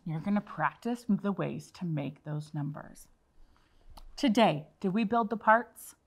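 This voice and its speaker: A woman's voice: lowish voice, expressive, unhurried. A woman teaching a kindergarten class on video, talking to the children in a cheerful, encouraging way.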